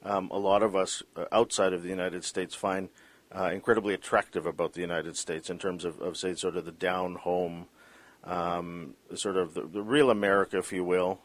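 A man hosting an interview, asking long, halting questions and repeating words. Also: low voice, little pitch movement. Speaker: interview host. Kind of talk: casual interview talk. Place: Vancouver.

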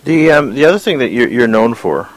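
A man hosting an internet radio interview, asking questions haltingly with many restarts. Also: medium pitch, big pitch swings, poor audio. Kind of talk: interview conversation.

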